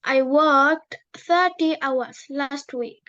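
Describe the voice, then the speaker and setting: A woman student in an English lesson, carefully and haltingly repeating practice sentences. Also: high voice, a bit bright, dull audio. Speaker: language student.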